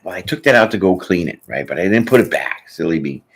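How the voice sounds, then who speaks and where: Low-voiced guy doing a laid-back tarot q&a, rambly and chatty. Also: animated, quick pace, gravelly, slight background noise. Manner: chatty, rambling, frequent "you know what I'm saying". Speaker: tarot reader host. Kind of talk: casual live Q&A chat.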